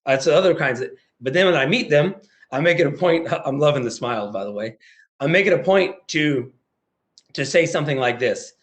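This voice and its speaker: An American man speaks in a fairly high voice, presenting a sales talk over a video call. He is animated and acts out both sides of phone calls in quoted voices. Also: fairly quick. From United States. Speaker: motivational speaker.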